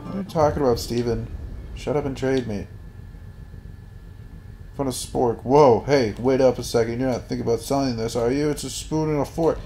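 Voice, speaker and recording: A man giving goofy, crude gameplay commentary with sudden loud outbursts. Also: medium pitch, normal speed, soft background music. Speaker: gaming channel host.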